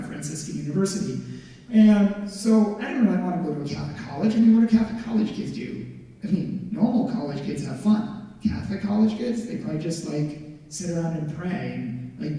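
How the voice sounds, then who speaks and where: A man's voice: high voice, mellow. A young man giving a casual, storytelling talk to students, acting out quotes with light laughs. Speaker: guest speaker. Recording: echoey hall from far off.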